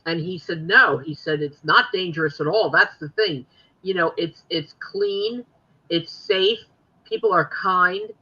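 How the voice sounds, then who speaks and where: Male podcast voice, high, very bright and sharp, muffled lo-fi sound, animated. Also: unhurried, husky. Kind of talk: casual podcast chat.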